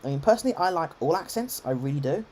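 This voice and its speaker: A man's voice: on the high side, lively intonation, very fast, a little mellow, slight background noise. A man with an English received-pronunciation accent, giving chatty live gameplay commentary full of ums and restarts. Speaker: game streamer.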